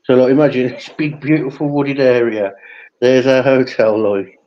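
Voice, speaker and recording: A man's voice: mid-range voice, fairly even intonation, normal speed. A man, telling rambling anecdotes in casual chat and swearing freely. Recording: dull lo-fi stream audio.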